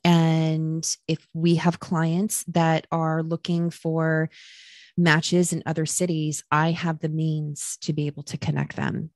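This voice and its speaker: A woman's voice: slow, no room sound, clean studio sound. A woman working as a matchmaker, telling her story in a casual podcast chat and acting out the quotes she tells. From Midwest United States. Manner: animated storyteller, acts out quotes with raised pitch. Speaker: matchmaker and guest.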